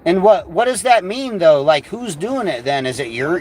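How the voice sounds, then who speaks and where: A man's voice: sits high, very animated, normal speed, slight background noise, rough recording. A man vlogging in a heated, rambling rant, swearing constantly and full of fillers. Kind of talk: casual profane rant.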